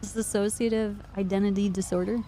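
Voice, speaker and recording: A woman streamer role-playing a police officer in casual chat. She laughs often and sometimes slips into a flat, sing-song robotic tone. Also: medium pitch, a little fast, faint music behind. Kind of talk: in-character role-play chat.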